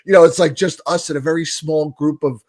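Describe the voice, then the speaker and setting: A hoarse man with a New York accent co-hosting a casual fan podcast, telling stories in an animated way. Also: a little high, brisk. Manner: animated storyteller, hoarse from yelling. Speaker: podcast co-host. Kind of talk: casual hockey fan chat.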